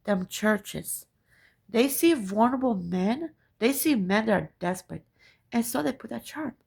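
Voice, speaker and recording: Woman, raspy, gravelly, profane ranting monologue, repetitive. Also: on the high side, expressive, a little slow, a little mellow. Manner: profane, emphatic, repeats phrases and asks "right?". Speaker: spiritual vlogger.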